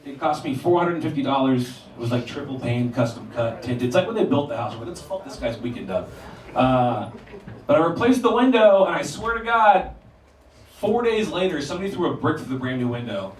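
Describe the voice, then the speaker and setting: A man's voice: on the high side, animated, fairly quick. A young man doing a profane, self-deprecating stand-up comedy set in a small theater, acting out other people's voices. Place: small theater, live audience. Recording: roomy live room mic from a distance, loud crowd laughter. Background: audience laughter.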